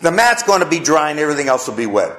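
A man's voice: fairly high pitch, big pitch swings, rapid-fire, fairly bright tone, roomy sound. A man voicing a hesitant biblical man bargaining with God for a sign, in a sermon. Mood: pleading. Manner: pleading, hesitant with "uh"s.

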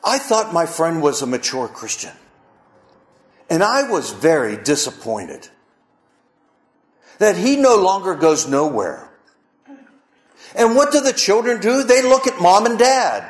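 A man delivering a sermon with a high, expressive voice that rises and falls widely. He speaks slowly and deliberately, pressing his points with rhetorical questions and repetition. The sound carries the echo of a large room. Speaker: pastor.

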